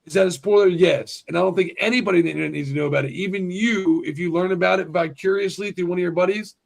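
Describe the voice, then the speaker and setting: A man hosting a livestream in casual chat, talking excitably, swearing a lot and restarting his sentences. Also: high voice, quick pace, vocal fry. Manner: profane and excitable, heavy restarts. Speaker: livestream host.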